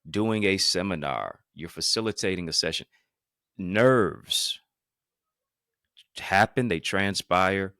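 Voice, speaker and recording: Speaking to live-stream viewers, this motivational speaker and podcast host gives a high-energy pep talk, hammering key phrases again and again and calling for answers in the chat. His voice sits low, and the dry recording is studio quality.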